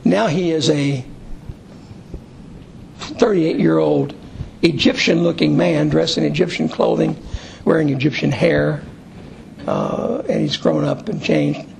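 Guy with a really gravelly voice, a bit high, reading scripture and chatting through it for his bible class. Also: a little hiss or hum, rough recording. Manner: conversational and explanatory, with occasional fillers. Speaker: Bible study teacher. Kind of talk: Bible study lesson, reading scripture aloud and explaining it.

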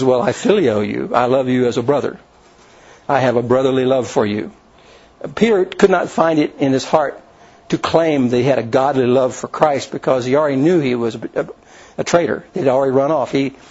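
A man's voice: medium pitch, darkish tone, slightly rough. A man preaching an informal sermon, retelling scripture in his own words with restarts and asides. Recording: dull lo-fi recording.

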